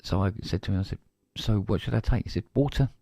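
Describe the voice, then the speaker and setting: A man's voice: low-pitched, fairly even intonation, fast, creaky, warm tone, breathy edge, no echo. A man with a British accent, co-hosting a casual live-stream chat and telling a story by acting out both sides of a conversation. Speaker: co-host.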